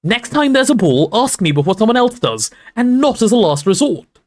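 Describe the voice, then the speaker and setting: Shrill yelling teen girl witch, a man doing her. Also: very animated, normal speed. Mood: furious. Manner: yelling indignantly. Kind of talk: book read aloud on a livestream.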